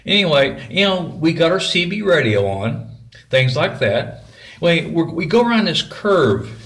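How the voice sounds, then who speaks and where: A man's voice: a little high, very animated, a little slow, a bit bright. A middle-aged man telling a personal story in a folksy, rambling way. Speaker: vlogger.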